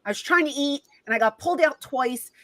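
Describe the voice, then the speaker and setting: A middle-aged woman, a former wrestling personality, tells casual stories as an interview guest, animatedly acting out whole conversations in quoted voices. Her voice sits a little high for a woman, and she speaks fairly quickly. The audio is poor, dry, and close, with almost no room around it.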